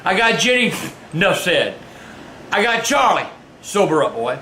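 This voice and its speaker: An older grandfather rants and tells stories in a high, piercing voice. He curses constantly and often raises his voice to a shout. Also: sing-song, normal speed. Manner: loud, cursing, ranting. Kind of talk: profane storytelling to camera.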